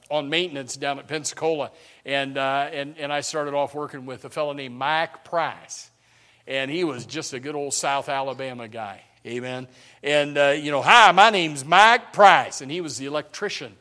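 A man's voice: mid-range voice, a bit bright. A man preaching a sermon, telling rambling folksy stories with many restarts.

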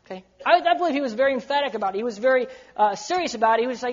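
A youth preacher with a very high voice delivers an urgent, emphatic sermon to young people, animated and rapid-fire with few pauses, often slipping into the voices of what people might say. The audio is dull.

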